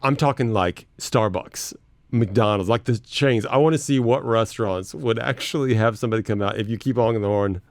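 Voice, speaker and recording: A male radio host telling stories in relaxed studio banter, with lively retellings of what happened. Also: fairly low pitch, dry recording. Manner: fast storytelling, animated retelling. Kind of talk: casual studio chat. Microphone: studio mic.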